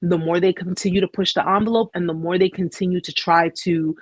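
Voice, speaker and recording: A woman's voice: lowish voice, fairly even intonation, fairly quick, no echo. A woman hosting a live chat, telling her own story with emphatic repetition and frequent "okay?" asides. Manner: emphatic, repeats phrases, asks "okay?". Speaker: host sharing a survivor story. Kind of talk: emotional personal storytelling.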